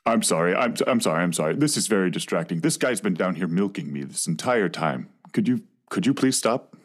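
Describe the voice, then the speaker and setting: A man playing a polite, put-upon talking cow in an improv comedy scene, speaking deadpan and apologetic. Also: low voice, a little fast.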